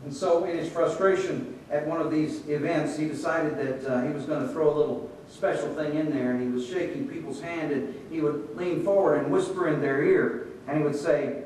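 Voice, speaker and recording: A man preaching a sermon in a relaxed, conversational way, telling stories and acting out the voices in them. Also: normal speed, hardly any pauses. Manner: conversational storytelling with quoted voices. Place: church sanctuary. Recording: echoey church room, distant mic, faint rumble.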